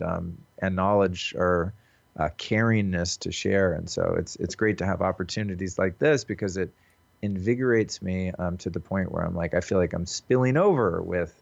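Earnest male podcast guest with a low voice, reflective and casual; dry, lo-fi call recording. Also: normal speed, vocal fry, no echo. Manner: earnest, reflective, loose with swearing. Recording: dull, lo-fi call audio.

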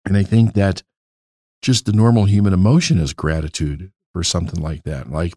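A man hosting a casual podcast as a coach, reflective and measured in his speech, known for long pauses. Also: sits low, fairly even intonation, dark tone, breathy edge, no room sound, studio quality. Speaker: business coach and podcast host.

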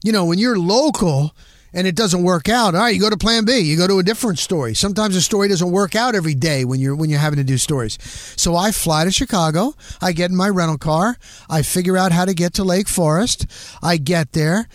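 A middle-aged man hosting a podcast, telling a story in a casual, animated way and punching it up with quick sound words. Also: high-pitched, no room sound, studio quality. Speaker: podcast host.

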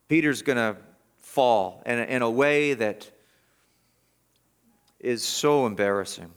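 A middle-aged man preaching a sermon, his voice at an ordinary male pitch. He is emphatic, pressing his points hard, then falling to soft, low asides. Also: slow pace, pauses often, clean tone. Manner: emphatic, building to raised intensity and dropping soft. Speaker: pastor.

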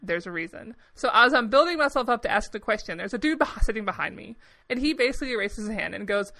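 A young woman co-hosting a podcast, telling stories in a rambling, animated way with frequent swearing. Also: a little high, fast, gravelly. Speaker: podcast co-host. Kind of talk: casual chat.

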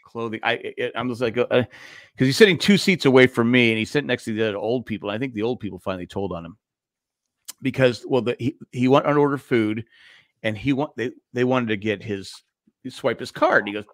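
A man in his sixties, a podcast co-host telling a long story in casual chat, animated and acting out the voices of the people in it. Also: medium pitch, a little fast, dry recording, studio quality. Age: 60s.

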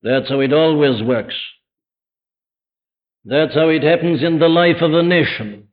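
A man's voice: a little high, a little slow. Man preaching with rhetorical questions. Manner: emphatic, full of rhetorical questions. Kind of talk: evening sermon. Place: church before a congregation. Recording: dull lo-fi archive sermon recording.

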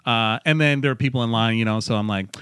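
A man's voice: medium pitch, fast talker, a bit bright, smooth, no echo, clean studio sound. A man telling a long, rambling, self-mocking story in casual podcast chat, full of fillers and asides.

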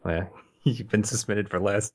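A man hosting a podcast in casual chat, relaxed with teasing banter. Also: on the low side, measured pace, slightly rough. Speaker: podcast host.

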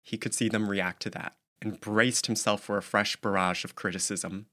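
A man narrating an audiobook in a measured storytelling manner. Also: on the low side, fairly even intonation, bright, forceful tone. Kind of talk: scripted narration.

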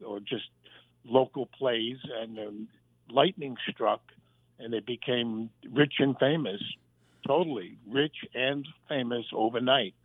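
Man guest, phone-line interview, animated storyteller who mimics voices, tinny and dry. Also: medium pitch, takes it slowly, dry recording. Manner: animated anecdotes, acts out quoted voices. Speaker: guest, former sitcom writer and warm-up comic.

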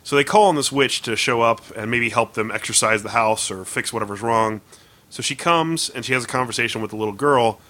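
A man's voice: mid-range voice, brisk, pushed and bright. A man hosting a casual comics podcast, recapping stories at length in an upbeat way. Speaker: podcast host.

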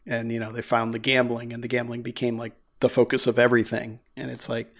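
A man's voice: medium pitch, monotone, fast. A man in casual podcast chat, rambling with many fillers and frequent swearing.

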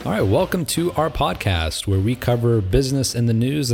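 A man's voice: mid-range voice, lively intonation, normal speed, gravelly, darkish tone, breathy edge, soft background music. A man from the American Midwest co-hosting a legal business podcast, chatting casually and laughing easily. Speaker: podcast co-host and lawyer. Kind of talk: casual chat.

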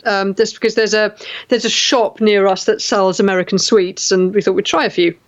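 A woman's voice: medium pitch, fairly even intonation, a little fast. A woman from England co-hosting a casual radio chat, teasing and chatty. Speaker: radio show co-host. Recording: dull lo-fi sound.

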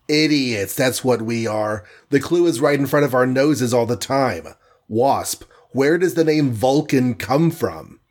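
A man's voice: medium pitch, expressive, measured pace, natural voice. A man reading aloud who voices a decisive adult male hero giving clipped, urgent commands. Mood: excited.

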